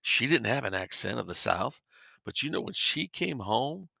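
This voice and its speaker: A man's voice: medium pitch, big pitch swings, normal speed, creaky, bright, forceful tone, husky, no room sound. A man preaching a podcast sermon in an earnest, repeating cadence with stammered restarts. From northern United States.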